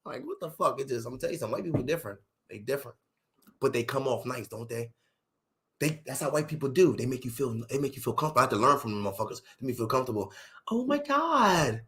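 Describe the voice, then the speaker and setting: A man delivering a profane, animated comedic rant on a livestream. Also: mid-range voice, rapid-fire. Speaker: livestream host.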